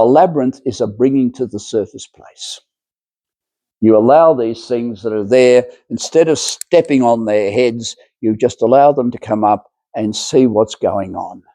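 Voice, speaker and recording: Mellow-voiced man giving a rambling lecture. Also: medium pitch, no echo. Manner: rambling, hesitant, many fillers and restarts. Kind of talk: spiritual lecture.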